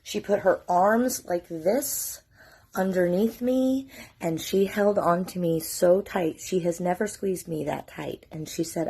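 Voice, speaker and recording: A woman's voice: on the low side, measured pace, vocal fry, darkish tone, breathy edge. A middle-aged woman, telling a personal story to camera in a candid, emotional, profane way. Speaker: mother telling her story.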